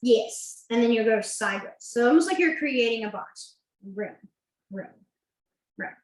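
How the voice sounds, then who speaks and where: A fairly high-voiced woman teaching a beginners' sign language class. She talks chattily, corrects herself and laughs easily. Her voice rings in an echoey room. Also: expressive, a little slow. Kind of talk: online class instruction.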